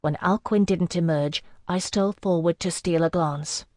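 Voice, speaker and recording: An audiobook narrator reading a fantasy novel in measured, first-person storytelling. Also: mid-range voice, darkish tone, dry recording, clean studio sound.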